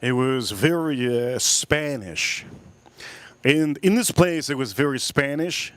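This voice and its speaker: A man's voice: mid-range voice, animated, moderate pace. Crude rambling man telling a story. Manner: crude, rambling, repeats himself for effect. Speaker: livestream host. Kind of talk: casual livestream storytelling.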